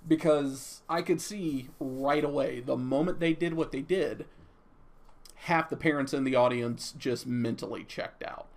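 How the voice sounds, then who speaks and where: Chatty young man with gravelly voice. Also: medium pitch, measured pace. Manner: rambling, stammering, chatty. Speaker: movie reviewer. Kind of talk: casual off-the-cuff review.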